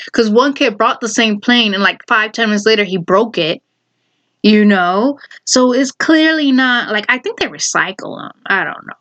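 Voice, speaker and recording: A woman's voice: a little high, fairly bright tone. A woman vlogger telling a personal story in casual talk, heated and exasperated, swearing freely.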